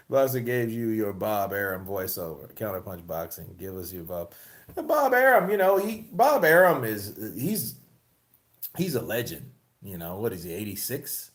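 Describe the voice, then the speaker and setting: A man's voice: mid-range voice, big pitch swings, normal speed. A man hosting a casual live-stream about boxing news, swearing, laughing and reading the chat. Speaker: host.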